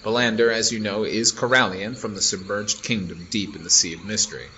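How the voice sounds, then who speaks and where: A man's voice: lowish voice, fairly even intonation, a little fast, sharp tone, slight background noise, low-quality recording. A man voicing a polite young chronicler who narrates in an audio drama, wry and formal.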